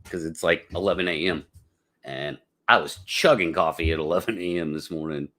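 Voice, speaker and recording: A man's voice: low voice, normal speed, bright, forceful tone. A man hosting a casual live podcast, chatting with viewers in a rambling, laid-back way with lots of fillers. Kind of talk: casual livestream chat.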